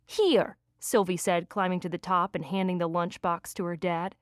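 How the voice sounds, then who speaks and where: A woman reading a first-person romance audiobook with lively, expressive delivery on a close studio mic. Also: on the low side, moderate pace, no room sound. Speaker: audiobook narrator.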